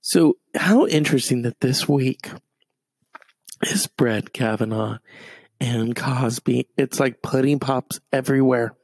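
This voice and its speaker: Gravelly, rambling man ranting. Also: medium pitch, slow, darkish tone, dry recording. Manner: profane, rambling, full of fillers. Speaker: comedic commentator. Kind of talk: comedic rant.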